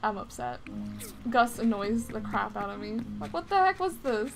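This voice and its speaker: A woman's voice: fairly high pitch, very animated, moderate pace, gravelly, faint music behind. A young woman giving casual, chatty gameplay commentary, often exasperated and grumbling mildly. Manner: exasperated, chatty, mild swearing. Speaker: gaming streamer.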